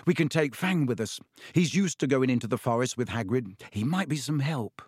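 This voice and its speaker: A man's voice: medium pitch, animated, normal speed, breathy edge, dry recording, clean studio sound. A man voicing a determined teenage boy wizard in an audiobook, speaking firmly. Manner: firm, quiet. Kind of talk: audiobook reading.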